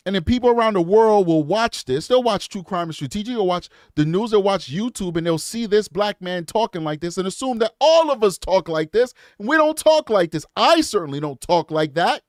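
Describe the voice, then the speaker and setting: A man's voice: fairly high pitch, no room sound, studio quality. A man hosting a live true crime show, chatting casually and breaking into impassioned tangents. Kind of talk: live-stream commentary.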